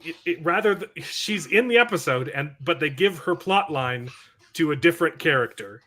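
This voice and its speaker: A man's voice: a little high, lively intonation, pushed and bright. A man in a casual fan discussion, talking from his desk at home and correcting himself often. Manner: rambling, quick self-corrections. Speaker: podcast panelist.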